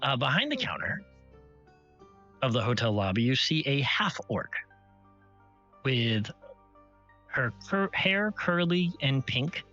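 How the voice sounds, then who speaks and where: A man's voice: medium pitch, very animated, slow, pauses often, pushed and bright. A man narrating a tabletop game as game master, describing scenes in detail and often correcting himself mid-sentence. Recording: slightly muffled stream audio, faint music.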